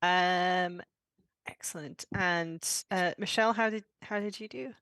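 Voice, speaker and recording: A woman running a tabletop game as game master, upbeat and quick to laugh. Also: on the low side, a bit bright, no echo.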